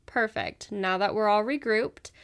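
A woman's voice: medium pitch, measured pace, gravelly, fairly bright tone. A woman in her twenties hosting her podcast in a casual, chatty monologue, talking frankly, swearing freely and laughing often. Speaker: podcast host.

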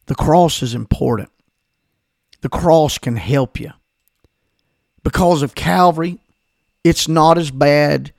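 A man preaching a sermon on his podcast, emphatic, with slow stressed phrases and repetition. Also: medium pitch, gravelly, darkish tone, no echo, studio quality.

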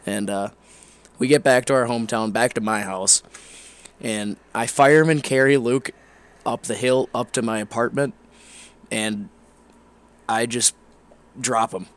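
A young man telling a long, rambling, profane story with animated energy in a casual podcast chat. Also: mid-range voice, a little slow, pauses often.

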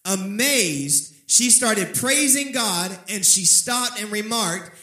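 A man preaching a sermon, telling a story and calling on the congregation to answer back, with dramatic slowing on key phrases. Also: sits high, animated, sharp tone, reverberant, poor audio. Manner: preaching with call-and-response prompts to the congregation. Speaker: pastor.

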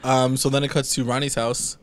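Brief: young man, mid-pitched, easygoing recap chat, quick laughs between lines. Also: level tone. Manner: laughs often, retells scenes with quoted lines. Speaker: podcast co-host recapping a TV episode. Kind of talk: casual chat.

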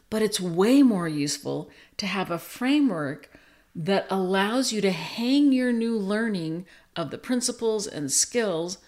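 An older woman, a grandmother, teaching a lesson on listening skills and acting out gentle example dialogue. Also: medium pitch. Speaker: parenting and relationship educator. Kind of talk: teaching talk with acted examples.

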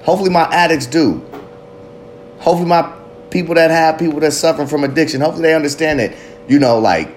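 A man's voice: a little high, fast talker, a little mellow, soft background music. Fiery, profane man preaching recovery. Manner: fiery, swearing, rambling with tangents. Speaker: recovery motivational speaker. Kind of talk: profane motivational monologue.

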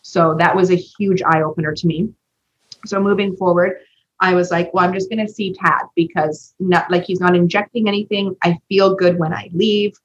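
A woman with a lowish voice tells a personal story on a podcast in a loose, chatty way. She brings it to life and slips into the voices of the people she quotes. The recording sounds dull and lo-fi. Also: fairly even intonation, moderate pace. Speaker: podcast co-host. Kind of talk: casual storytelling chat.

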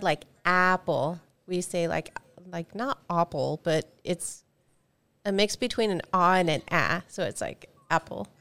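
A woman's voice: on the low side, smooth. A woman from Texas co-hosting a podcast, chatting playfully and laughing often. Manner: giggly, playful. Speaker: podcast co-host. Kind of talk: casual chat.

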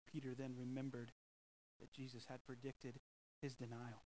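A man preaching a sermon as pastor, emphatic and swinging from loud, stressed lines to hushed ones. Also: mid-range voice, flat delivery, moderate pace, slight background noise, low-quality recording.

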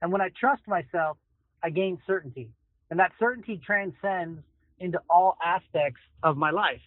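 A man's voice: sits high, moderate pace, dry recording. A middle-aged man hosting a solo motivational podcast from a parked car, talking energetically and emphatically. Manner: energetic, emphatic, conversational with frequent "like". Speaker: podcast host. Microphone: phone voice recorder. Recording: tinny phone recording.

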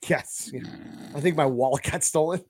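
A man's voice: a little high, normal speed, husky, dry recording. Profane storytelling man, very dry sound. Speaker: podcast co-host. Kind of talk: casual chat.

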